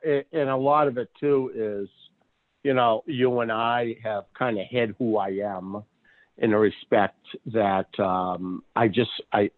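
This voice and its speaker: Gravelly man on a phone line. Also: on the low side, no echo. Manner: animated storyteller, restarts a lot, laughs often. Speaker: psychic medium guest. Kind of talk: casual podcast chat. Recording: tinny phone line, dry.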